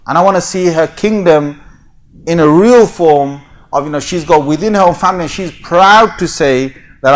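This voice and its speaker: A man giving a religious lecture, speaking emphatically and posing rhetorical questions to his listeners. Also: fairly high pitch. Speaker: Islamic lecturer.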